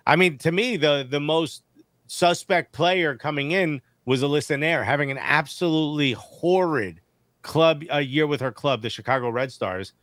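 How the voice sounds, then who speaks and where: A man co-hosting a casual sports podcast, animated and joking, using slang, on a studio mic. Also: on the high side, moderate pace, dry recording. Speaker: podcast co-host.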